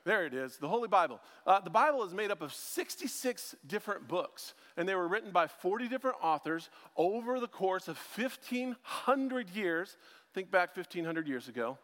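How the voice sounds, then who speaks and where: A man's voice: high voice, big pitch swings, moderate pace, fairly bright tone. A man preaching a casual conversational sermon, chatty and joking, with self-deprecating asides as a ministry school teacher. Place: church sanctuary. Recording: long hall reverb.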